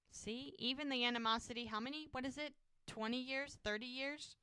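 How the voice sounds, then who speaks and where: Woman retelling a tv episode on her podcast, quoting everyone's lines, crisp voice, no room echo. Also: high voice, fairly even intonation, a little fast, few pauses, pushed and bright, clean studio sound. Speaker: podcast co-host. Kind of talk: casual episode recap.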